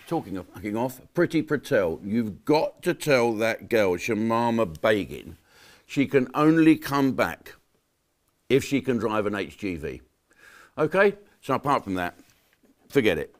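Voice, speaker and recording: A middle-aged man doing a brash, mocking comic monologue, swinging from loud jokes to muttered asides. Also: fairly low pitch. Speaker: comedian hosting his own channel.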